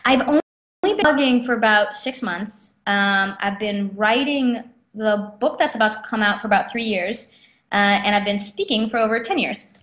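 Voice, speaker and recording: A woman telling stories as an interview guest, lively and quick with lots of fillers. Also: medium pitch. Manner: animated, quick, many fillers and acted quotes. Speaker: guest, author and speaker. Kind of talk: casual interview storytelling. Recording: echoey room.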